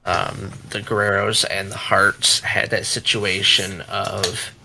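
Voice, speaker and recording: A man co-hosting a podcast who chimes in with loose, halting remarks in casual chat. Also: on the low side, flat delivery, gravelly, background noise. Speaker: podcast co-host.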